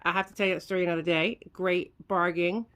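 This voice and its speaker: Excitable woman unboxing at home. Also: on the low side, quick pace, smooth. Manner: excitable, gushing, talks to viewers. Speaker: craft vlogger. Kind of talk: casual unboxing chat. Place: home room with recliner. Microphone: camera on a tripod.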